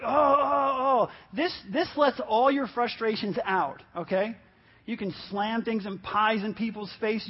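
A man's voice: high-pitched, muffled recording. A man preaching a sermon as pastor, earnest and emphatic, repeating his phrases.

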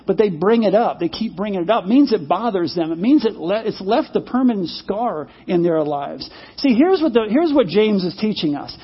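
High husky-voiced preacher telling a story. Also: male voice, highs cut off. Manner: conversational, repeats phrases, asks the audience. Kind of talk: sermon with storytelling.

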